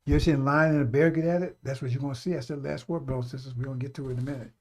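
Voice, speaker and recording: A man preaching on a live radio stream, urgent and repetitive, blunt and profane, calling out to brothers and sisters and swinging from loud exhortation to low muttering. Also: steady tone, very fast.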